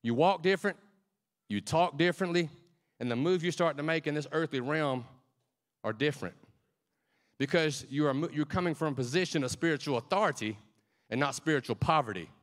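A man's voice: on the high side, brisk, pauses often. A male preacher delivering a fervent, conversational sermon that turns to emotional personal storytelling.

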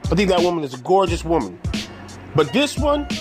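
An indignant man delivers a vlog commentary rant, hammering his points with emphatic repetition. His voice sits a little high for a man. Hip hop music plays clearly underneath. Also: big pitch swings, brisk. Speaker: commentary vlogger. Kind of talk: angry social commentary rant.

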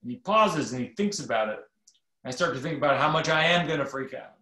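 A middle-aged man reads a comic story from his own book, tossing in quick asides and corrections. His voice sits fairly high for a man. The room around him is echoey, as at a home video event. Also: expressive, pushed and bright. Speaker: author reading from his book. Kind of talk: reading aloud at a virtual book event.

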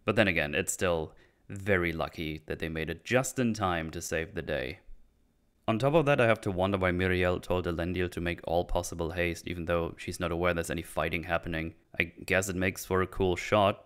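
A man's voice: low voice, brisk, fairly bright tone, smooth. A man hosting a casual recap, sarcastic and irreverent as he mocks plot holes. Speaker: channel host reviewing a series.

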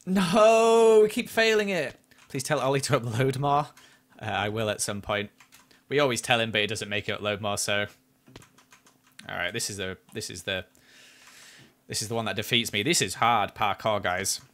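A man's voice: fairly low pitch, steady tone, moderate pace, pauses often, sharp tone. A man chatting through a live game stream, criticizing his own play and flaring up at near misses. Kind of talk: live gameplay commentary.

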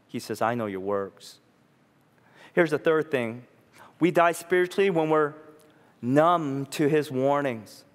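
A man in his thirties or forties preaching a sermon in a conversational way, often asking "you know?" and acting out quotes. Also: on the high side. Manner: conversational preaching, tag questions, acted-out quotes. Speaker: pastor. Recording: long reverb of a church hall.

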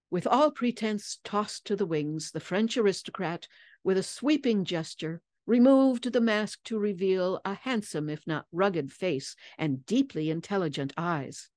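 A woman voice actor giving a measured, expressive dramatic reading of a story. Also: mid-range voice, dry recording.

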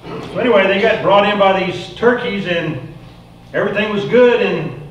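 A man telling a folksy parable as part of a sermon, in an animated, casual way. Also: high-pitched, moderate pace, muffled recording, a little hiss or hum. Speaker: preacher. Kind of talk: sermon storytelling. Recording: echoey room, mic far off.

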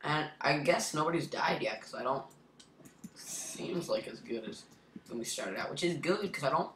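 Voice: mid-range voice, expressive, moderate pace, fairly bright tone, echoey room, slight background noise, rough recording. A gameplay commentator in casual let's-play chatter, playful and teasing, muttering asides to the other players.

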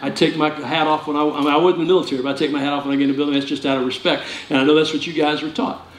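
Male pastor, high voice, lively joking sermon, echoey sanctuary, faint room noise. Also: very fast. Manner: animated, jokey preaching with sudden loud outbursts. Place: church sanctuary.

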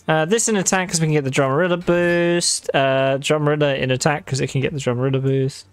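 A man's voice: a little high, steady tone, a little fast, few pauses, clear, resonant tone, faint music behind. Wry man narrating his own gameplay. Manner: wry, swears freely, talks to viewers. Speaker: gaming video creator. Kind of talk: casual gameplay commentary.

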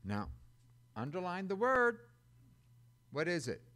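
A man preaching a sermon as a Bible teacher, dramatic and emphatic, with sudden loud bursts and conversational asides. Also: high voice, sing-song, takes it slowly.

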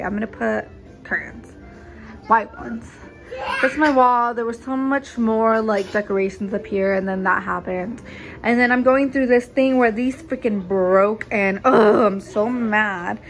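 Recorded on a phone camera in low quality, this young woman's voice is fairly high and gravelly. She's a mom vlogging around her home, indoors and in the yard, talking casually with offhand swearing and bits of Spanish.

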